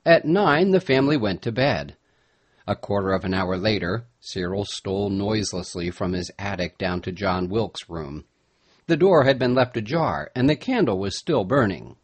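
Husky male audiobook narrator. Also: fairly low pitch, animated. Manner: measured, storytelling.

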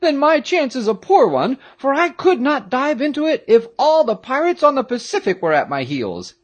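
A man reading aloud and voicing a frightened, excitable teenage boy in a high, shrill, panicky voice. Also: moderate pace, full character voice. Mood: panicked.

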